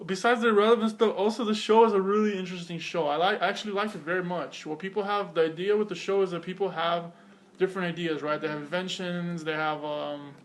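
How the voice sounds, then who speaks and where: A man's voice: sits high, fairly even intonation, quick pace. A man co-hosting a podcast in casual chat, teasing and laughing often. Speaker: podcast co-host.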